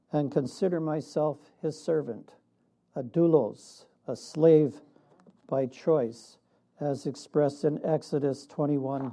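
A man preaching a sermon in a measured way, with a laugh now and then. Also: on the high side, mellow. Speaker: pastor.

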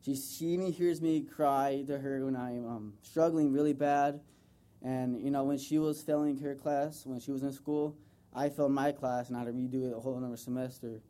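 A young American man gives an earnest, rambling tribute to his mother before a group, his informal speech full of fillers. His mid-range voice is warm and brisk, with fairly even intonation.

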